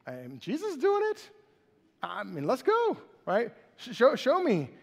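A preacher doing an eager, impulsive disciple. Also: male voice, very high-pitched, measured pace, creaky, big-room sound, pitched above the performer's own voice, exaggerated voice. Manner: excited, blurting.

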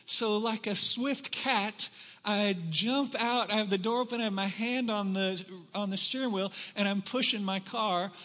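A man's voice: sits high, steady tone, a little slow, pushed and bright. A middle-aged male pastor telling a story in his sermon and closing in earnest prayer, speaking in a church sanctuary. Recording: long reverb of a church hall.

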